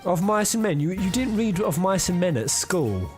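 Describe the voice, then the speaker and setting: A man's voice: high-pitched, sing-song, moderate pace, darkish tone. Playful man streaming a game. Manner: playful, laughs often, mocks himself. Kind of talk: live let's-play commentary. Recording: game music underneath.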